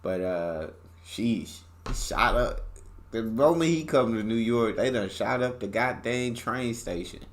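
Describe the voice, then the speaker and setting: A man's voice: medium pitch, lively intonation, unhurried. A man from Texas, reacting casually to a video with loose exclamations. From Texas, USA. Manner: loose, exclamatory, laughs along.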